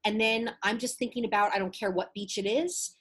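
A woman in her thirties talks in a husky voice as a guest in a casual chat. She speaks in a chatty, animated way, quick to laugh. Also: medium pitch. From Mid-Atlantic US. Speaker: acting teacher and casting guest.

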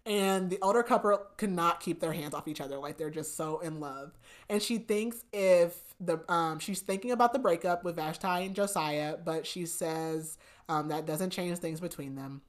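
A woman's voice: on the low side, moderate pace. A woman hosting a podcast, giving a chatty book recap, laughing often and saying "like" a lot. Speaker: podcast host.

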